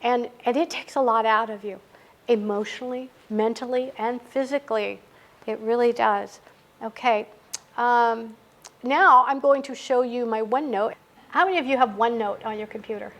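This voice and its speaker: A woman's voice: fairly high pitch, moderate pace, fairly bright tone. A middle-aged woman giving a casual writing workshop in a library meeting room, chatty and full of anecdotes that she laughs at herself. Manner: chatty, anecdotal, laughs at her own stories.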